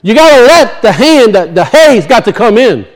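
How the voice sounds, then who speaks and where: High-voiced folksy preacher man. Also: very animated, moderate pace. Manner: folksy storytelling, chuckles often. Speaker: pastor. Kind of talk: sermon. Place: church.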